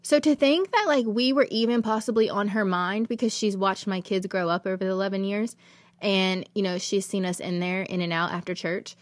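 A woman's voice: medium pitch, steady tone, brisk, no echo. A woman, hosting a podcast and telling a personal faith testimony in an earnest, emotional, rambling way. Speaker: podcast host.

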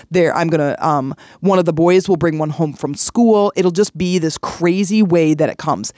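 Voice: mid-range voice, a little mellow, no echo, studio quality. A middle-aged podcast host giving a casual motivational talk, earnest and chatty, telling personal stories with lots of repeats and restarts.

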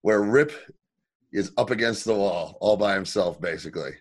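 A man co-hosting a podcast in casual chat, recapping scenes in a profane, animated way. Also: lowish voice, normal speed. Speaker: podcast co-host.

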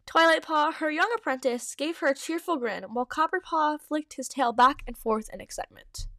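A woman's voice: high-pitched, normal speed, pushed and bright, dry recording, clean studio sound. A woman reading her old story aloud and stopping to comment, giggly and full of likes and ums. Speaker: fanfiction reader and podcaster.

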